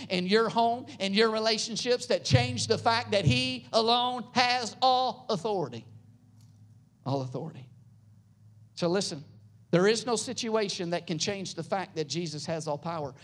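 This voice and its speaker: Preaching to his congregation, a pastor alternates between rising, loud passages pitched high and hushed, low, gentle lines.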